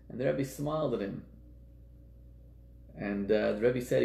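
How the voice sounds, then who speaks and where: A man's voice: mid-range voice, expressive, normal speed, gravelly, a little mellow. A man teaching as a rabbi, giving an earnest lecture and repeating words for emphasis. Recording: echoey room.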